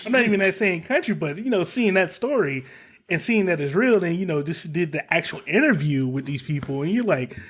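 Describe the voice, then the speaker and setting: A man's voice: a little high, expressive, brisk, a bit bright. A man hosting a casual podcast, telling a story in a heated way and swearing freely. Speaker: podcast host.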